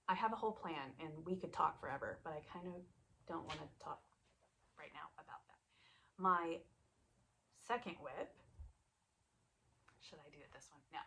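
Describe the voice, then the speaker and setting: A woman hosting a knitting vlog, chatting casually and rambling, often trailing off into soft asides. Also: lowish voice, a little hiss or hum. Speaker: knitting podcast host.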